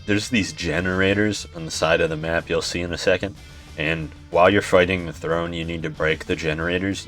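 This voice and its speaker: A man's voice: deep voice, fairly bright tone. A young man giving laid-back gameplay commentary, swearing often, chuckling and sounding tired. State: yawning, tired. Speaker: gaming YouTuber.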